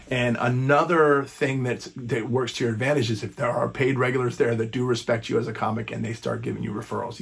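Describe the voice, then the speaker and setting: Man, 50s, comedian, husky and gravelly, loose profane storytelling. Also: mid-range voice, fairly even intonation, brisk, hardly any pauses. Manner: rambling, profane, frequent restarts. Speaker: stand-up comedian. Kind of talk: casual storytelling vlog.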